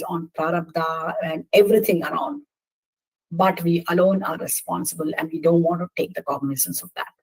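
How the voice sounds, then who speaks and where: Soft husky woman telling a scripture story. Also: fairly low pitch, poor audio. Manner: earnest, retells dialogue with gentle emphasis. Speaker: scripture speaker. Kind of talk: devotional storytelling talk.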